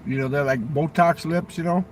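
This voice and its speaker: Casting: foul-mouthed rambling man, slightly high-pitched, casual monologue outdoors with faint traffic behind. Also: steady tone, a little fast. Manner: profane, rambling storyteller. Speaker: vlogger.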